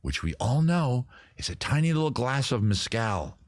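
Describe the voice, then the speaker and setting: A man hosting a livestream from home, riffing on viewer questions in a rambling, crude, deadpan absurd way. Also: medium pitch, moderate pace, no echo. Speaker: host. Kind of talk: improvised comic livestream answering viewers.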